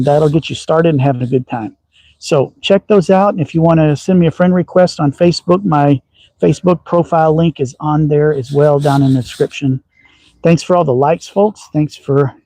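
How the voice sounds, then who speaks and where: A folksy, rambling middle-aged man from Texas with a slight Southern lilt and a few upper Midwest touches. His voice sits a bit high for a man but sounds mellow and soft-edged. He chats loosely on a livestream outdoors, filling gaps with ums. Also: no room sound, low-quality recording. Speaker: slingshot channel host. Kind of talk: casual livestream chat. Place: outdoors at a backyard shooting range.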